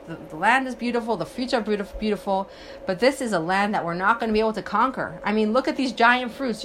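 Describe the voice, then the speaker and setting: A woman with a slightly high voice leads a religious text study, reading Hebrew lines and then unpacking them in plain terms. She retells the story with animated questions to her listeners. A faint hiss of background noise sits under her voice. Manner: reads Hebrew text then translates and explains. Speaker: Torah teacher.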